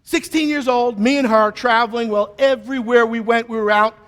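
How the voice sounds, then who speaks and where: A middle-aged man giving a keynote speech on stage, telling a story in a playful, animated way. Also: very high voice, brisk. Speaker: keynote speaker. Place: conference stage in a large hall. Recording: long reverb of a large hall.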